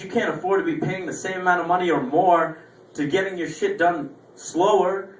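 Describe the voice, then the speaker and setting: Young male stand-up comic, rambling profane storytelling, slightly high voice, echoey lounge heard from a distance, faint room noise. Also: fairly even intonation, moderate pace. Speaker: stand-up comedian. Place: small lounge stage. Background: faint room ambience, audience laughter.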